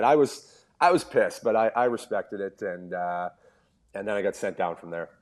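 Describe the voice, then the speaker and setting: Low-voiced man telling hockey stories. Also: brisk. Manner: animated storyteller, acts out quoted dialogue. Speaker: podcast guest, former pro hockey player. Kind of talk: casual storytelling interview.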